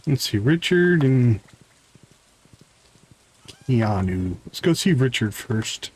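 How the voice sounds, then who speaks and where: A man's voice: medium pitch, takes it slowly, husky, low-quality recording. A man with a Midwestern American accent, casually commenting on his farming game during a live stream. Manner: relaxed, chatty, talking to chat while playing. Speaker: gaming streamer.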